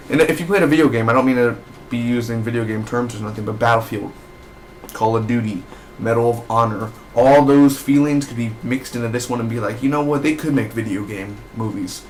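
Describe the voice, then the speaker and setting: A man's voice: mid-range voice, slight background noise. A young man giving a casual, rambling movie review, enthusiastic and swearing freely. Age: young adult.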